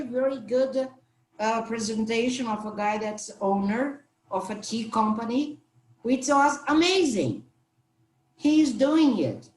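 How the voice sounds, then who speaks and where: Slow, earnest woman panelist. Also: fairly high pitch, echoey room. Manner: slow, earnest, halting with restarts. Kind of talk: panel discussion answer.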